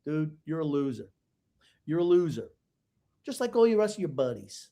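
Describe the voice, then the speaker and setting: A man's voice: fairly high pitch, big pitch swings, a little fast, gravelly, dark tone. An older man co-hosting a sports podcast, blunt and emotional in casual chat. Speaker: podcast co-host.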